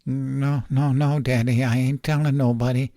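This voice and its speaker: Scared little boy, put on by a man: high, stammering, pleading. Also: flat delivery, moderate pace, warm tone, dry recording, studio quality, close to an everyday voice. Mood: terrified. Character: terrified small boy, beaten and pleading.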